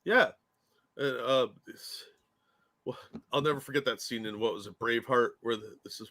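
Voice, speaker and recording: A man's voice: mid-range voice, moderate pace, pushed and bright. A man co-hosting a casual political commentary chat, mocking and crude, breaking into ranting asides. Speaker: podcast co-host.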